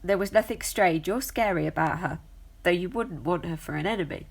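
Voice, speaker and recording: A woman reading a children's novel aloud as narrator, steady and measured. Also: lowish voice, gravelly, slightly rough.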